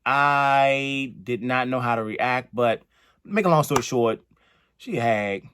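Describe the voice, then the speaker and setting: A man's voice: medium pitch, takes it slowly, a bit bright, clean tone. A man co-hosting a storytime chat, playful and chatty, with teasing asides and laughter. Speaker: co-host.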